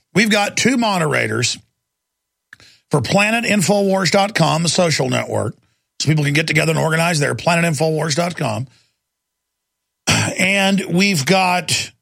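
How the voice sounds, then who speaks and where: Male radio host, call-in talk, gravelly voice, emphatic rambling delivery, slightly high pitch. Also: fairly bright tone, no echo, clean studio sound.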